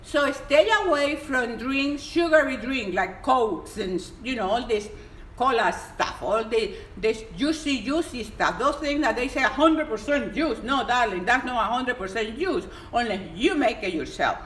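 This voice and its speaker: A woman's voice: on the high side, animated, a little slow. Exuberant woman giving health advice. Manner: emphatic and exuberant, pleading at times. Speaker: health coach. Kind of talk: casual live-stream advice. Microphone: phone on a live stream. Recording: echoey room with faint background noise.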